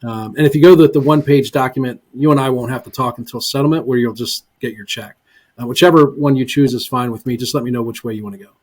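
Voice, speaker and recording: A man's voice: medium pitch, fast. A man telling stories in a casual podcast interview, full of ums, often acting out what other people said. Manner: animated storyteller, many ums, voices other people in quotes. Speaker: guest, real estate investor. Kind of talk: casual interview talk, acting out sales calls.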